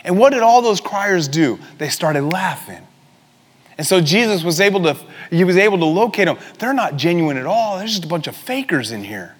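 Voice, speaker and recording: A young man preaching a sermon in a church, in a casual, energetic style with bits of slang. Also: sits high, moderate pace, big-room sound.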